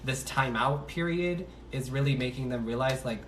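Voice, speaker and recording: A man's voice: medium pitch, normal speed, hardly any pauses, a bit bright, far from the mic, slight background noise. A man giving a casual tarot reading on a livestream, chatty and slangy, joking at his own asides. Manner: chatty, slangy, laughs at himself. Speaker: tarot reader. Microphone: phone on livestream.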